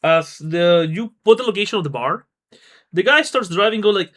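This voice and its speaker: A man's voice: high voice, expressive, normal speed, fairly bright tone. A man narrating a tabletop role-playing game on a live stream as game master, in a loose, rambling way. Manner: rambling, loose, laughs at own jokes.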